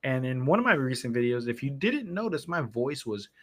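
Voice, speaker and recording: Very animated and brisk, this streamer and podcast host has a mid-range voice with a fairly bright tone. He chats casually while setting up his live stream, rambling from one thing to the next and interrupting himself along the way.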